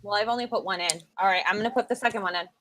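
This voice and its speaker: A woman's voice: mid-range voice, very fast, fairly bright tone. A woman playing a tabletop game, eager and playful as she describes her character's actions. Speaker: player.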